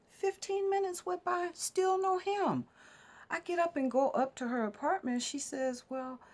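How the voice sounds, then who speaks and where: Earnest woman telling a personal story. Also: a little high. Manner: earnest, emphatic, conversational. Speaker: vlogger.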